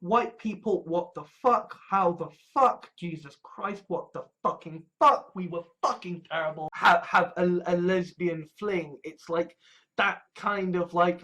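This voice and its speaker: A woman's voice: fairly low pitch, unhurried, fairly bright tone. A woman from England talking in a rambling, profane monologue full of restarts and swearing. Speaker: vlogger.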